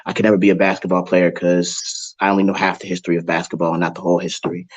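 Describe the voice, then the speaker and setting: A man with a very low voice judging a slam. He explains his verdict point by point in a lecturing, analytical way. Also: low-quality recording. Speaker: judge. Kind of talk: detailed live critique.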